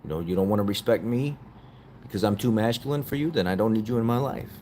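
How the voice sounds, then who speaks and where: Earnest low-voiced man urging listeners on. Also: fast talker, darkish tone, slight background noise. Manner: earnest, repetitive motivational urging; openly emotional, laughs at himself. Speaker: podcast host. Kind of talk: casual opinion talk.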